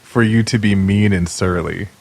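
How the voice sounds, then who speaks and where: A man's voice: on the low side, fairly even intonation, normal speed, vocal fry, a little mellow. A man co-hosting a podcast, chatting casually with wry, dry humor. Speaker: podcast co-host. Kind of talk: casual chat.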